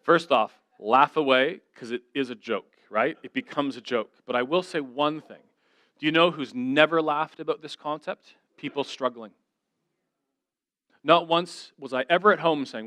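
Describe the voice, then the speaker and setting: A man giving a church talk, telling stories in an animated, self-deprecating way and acting out the conversations. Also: fairly high pitch, normal speed, no echo, clean studio sound. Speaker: guest speaker.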